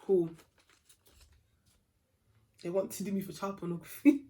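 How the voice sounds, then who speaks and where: A young woman telling a storytime vlog story in a chatty, animated way, dropping to a hush and rising to heated outbursts. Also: mid-range voice, unhurried, noisy background. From England. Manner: chatty and animated, swings from hushed to loud and heated. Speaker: vlogger.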